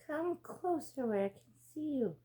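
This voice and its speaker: A woman's voice: sits high, expressive, unhurried, mellow, voice pushed up. A woman voicing a sly male wolf who fakes a sweet grandmother's voice in a storybook reading. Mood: falsely tender. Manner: sugary put-on voice turning to growls.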